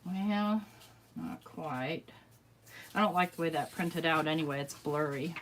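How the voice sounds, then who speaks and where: A woman chatting casually to herself while crafting, a little hoarse as she loses her voice, muttering and self-deprecating. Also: low-pitched, a little slow, slight background noise. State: losing her voice. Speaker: crafting vlogger.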